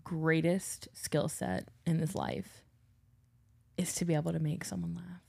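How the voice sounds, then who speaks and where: A young woman co-hosting a podcast, chatting casually and telling animated stories, acting out the people she quotes and swearing freely. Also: sits low, a little slow, creaky, breathy edge. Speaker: podcast co-host. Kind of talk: casual chat.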